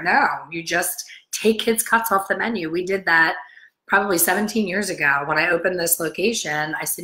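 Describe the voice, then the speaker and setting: A woman's voice: fairly low pitch, moderate pace, rough recording. A middle-aged woman who owns a salon, giving a casual, blunt motivational talk to camera and acting out the people she quotes. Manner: chatty, blunt, animated, acts out quotes. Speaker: salon owner and hair colorist coach.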